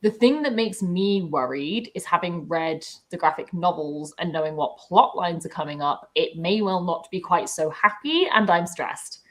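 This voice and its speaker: A woman's voice: fairly low pitch, normal speed, hardly any pauses. A British woman in her twenties chatting casually as a host, gushing and swearing freely. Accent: British English. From Britain. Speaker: book YouTuber host. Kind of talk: casual chat.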